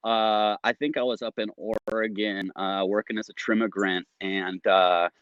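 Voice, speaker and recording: A man with a fairly low voice talking enthusiastically, his sentences full of "like" and "um", and he breaks into loud laughs. The recording is dull and lo-fi. It sounds dry and close. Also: little pitch movement, moderate pace, smooth, no echo. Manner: enthusiastic, laughs loudly, filler-heavy. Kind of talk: casual podcast chat.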